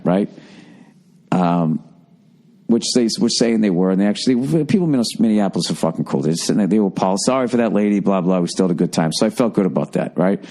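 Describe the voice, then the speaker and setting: A man in his forties with a Boston accent, his voice worn hoarse, ranting through a profane podcast monologue as a comedian host. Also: on the low side. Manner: profane, ranting, animated storytelling.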